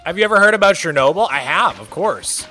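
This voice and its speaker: A man in his thirties with a high, lively voice rambles through casual live-stream chat, peppering everything with "like". His tone is bright and a little sharp, with faint game music under him. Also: fast talker. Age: 30s. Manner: rambling, animated, full of "like" fillers.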